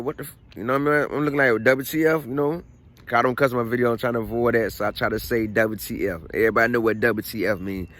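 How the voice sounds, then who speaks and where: A man's voice: medium pitch, sharp tone. Chatty man telling a family story. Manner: conversational, repeats phrases, frequent "you know what I mean". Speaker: vlogger. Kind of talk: casual storytelling vlog.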